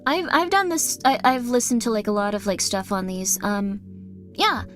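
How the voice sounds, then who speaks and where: A woman's voice: on the high side, sing-song, moderate pace, a bit bright, soft background music. A woman streamer chatting casually with viewers, rambling with many fillers.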